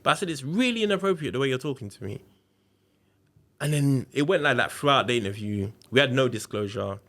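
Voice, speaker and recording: A man's voice: medium pitch, expressive, brisk, fairly bright tone. A man tells a long story on a podcast. He talks in a casual, slangy way and leans into it. He jumps into the voices of everyone he quotes. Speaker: podcast guest.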